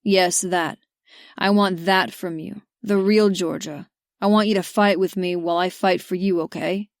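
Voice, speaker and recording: A woman narrator voicing a grumpy young man who speaks softly and earnestly to the woman he loves. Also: lowish voice, steady tone, measured pace, dry recording, studio quality. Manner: soft, earnest. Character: grumpy young cowboy-type man in love.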